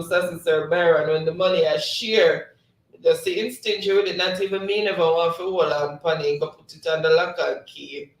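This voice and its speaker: A man's voice: a little high, echoey room, far from the mic, poor audio. A man hosting a livestream, reading chat comments aloud and laughing often. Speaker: livestream host.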